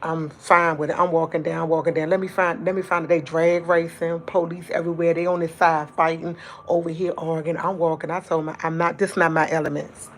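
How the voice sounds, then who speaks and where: Fast, rambling woman with a lowish voice. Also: a little hiss or hum. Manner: fast, rambling talk that jumps around; chatty and animated when retelling events. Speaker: livestream host. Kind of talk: casual storytelling to a live audience.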